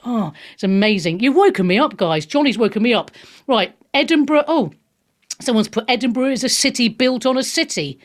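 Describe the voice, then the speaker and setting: A woman's voice: mid-range voice, moderate pace. A woman hosting a live radio talk show, chatting frankly with callers and reading the chat, with frequent restarts and blunt language.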